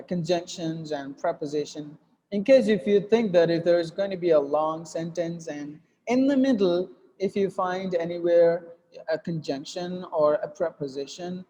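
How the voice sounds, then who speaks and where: High-voiced male teacher, echoey classroom. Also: normal speed, dark tone. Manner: explains step by step, with fillers and repeated phrases. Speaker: English teacher. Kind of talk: classroom lesson on reading aloud. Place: classroom with students.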